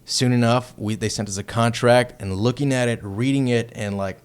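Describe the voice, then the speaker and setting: A man from Texas, a heavy metal band member, telling a story as a podcast guest in a loose, profane and excitable way. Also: mid-range voice, moderate pace, clean tone. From Texas, United States. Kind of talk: casual storytelling chat.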